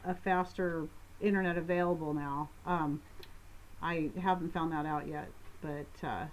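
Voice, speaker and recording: A woman's voice: deep voice, steady tone, low-quality recording. Rambling homestead woman on a live chat. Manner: rambling, self-interrupting, quick laughs. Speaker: co-host of a homestead live show. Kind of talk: casual live-stream Q&A chat.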